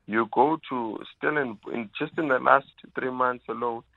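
Hoarse young man on a phone line. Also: medium pitch, steady tone, dry recording. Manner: deliberate, emphatic, with many pauses. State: hoarse with flu. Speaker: student union spokesperson. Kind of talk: radio interview guest.

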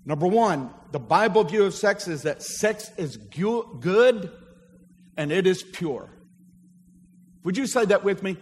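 A man's voice: high voice, sing-song, normal speed. A man, a pastor, preaching a sermon to his congregation and calling on them to repeat after him. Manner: preaching with call-and-response to a congregation. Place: church sanctuary. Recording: long hall reverb of a church.

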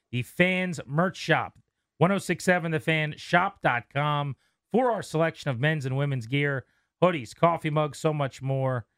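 A man's voice: medium pitch, fairly bright tone, no echo, clean studio sound. A man hosting a sports radio show, teasing his co-host, reading promos and taking calls. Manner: wry, teasing, reads promos and takes calls.

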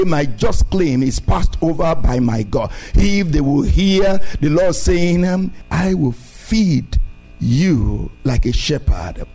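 A man's voice: a little high, dark tone, low-quality recording. A man preaching a sermon as pastor, repeating phrases and building to emphatic declarations.

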